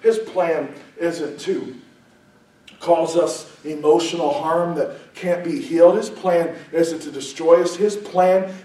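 A man preaching a sermon, speaking emphatically and building to loud, passionate peaks. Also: fairly high pitch, slow pace. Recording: very echoey room, voice far from the mic.

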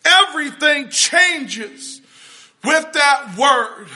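A male pastor preaching a sermon, building to shouted emphasis on key words. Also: extremely high pitch, animated, very slow.

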